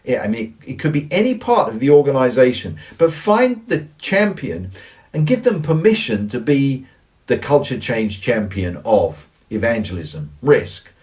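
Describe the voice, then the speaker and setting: A man speaks in a middle-pitched voice, earnest and emphatic as he delivers a teaching talk. He drives his points home by repeating them. The mic sits a little away from him. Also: big pitch swings, moderate pace, a little mellow, recorded from a distance. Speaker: church leadership speaker. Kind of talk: recorded teaching presentation.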